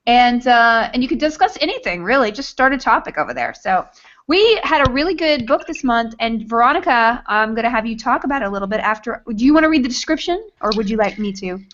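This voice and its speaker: A woman's voice: fairly high pitch, lively intonation, quick pace, a bit bright. A woman hosting an online book club hangout, chatty and casually announcing meetups with playful asides over a video call. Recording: dull lo-fi video call audio.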